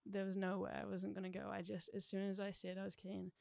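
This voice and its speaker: Young NZ woman, casual guest, giggly, creaky voice. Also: medium pitch, fast, dry recording, clean studio sound. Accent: New Zealand. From New Zealand. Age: young adult. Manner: excitable, laughs often, lots of "like". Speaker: DJ, podcast guest. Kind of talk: casual chat.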